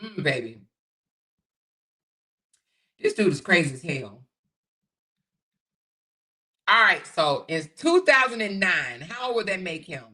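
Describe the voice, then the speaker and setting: A woman's voice: fairly low pitch, sing-song, slow, pauses often, pushed and bright. A woman hosting a casual livestream, talking straight to her chat and repeating herself as she goes over her notes. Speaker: livestream host.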